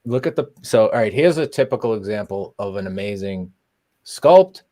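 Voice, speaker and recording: A man's voice: on the low side, lively intonation, normal speed, dark tone. A man, joking and emphatic in casual banter on a chat show. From Boston, USA. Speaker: co-host sculptor.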